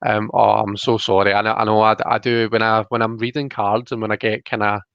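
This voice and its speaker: Gravelly man, quick mumbling stream talk. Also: lowish voice, little pitch movement, no room sound. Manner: talks fast and mumbles when absorbed. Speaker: tarot reader and live-stream host. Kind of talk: casual live-stream chat while reading cards. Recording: dry, dull lo-fi sound.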